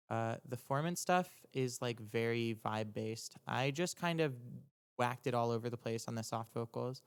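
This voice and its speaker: A rambling young man with a smooth voice. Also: medium pitch. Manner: rambling and halting, full of ums and restarts, casual swearing. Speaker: music producer streaming a track breakdown. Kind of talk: casual explanatory livestream talk.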